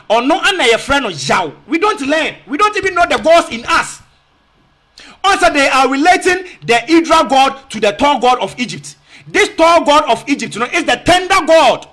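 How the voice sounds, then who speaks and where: A man's voice: extremely high pitch, fairly bright tone. A man with a Ghanaian accent giving a casual spoken rebuttal, repeating himself and asking rhetorical questions, mixing in Twi phrases. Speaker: online commentator.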